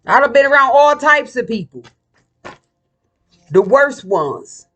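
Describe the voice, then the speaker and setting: A woman's voice: sits high, sing-song, takes it slowly, fairly bright tone. A woman vlogger ranting in a casual monologue, blunt, profane and combative.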